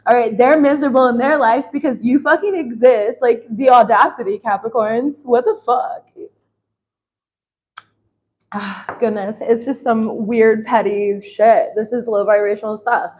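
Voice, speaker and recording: A woman's voice: a little high, poor audio. A young adult woman giving a casual tarot reading, blunt and laughing often, swearing freely. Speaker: tarot reader.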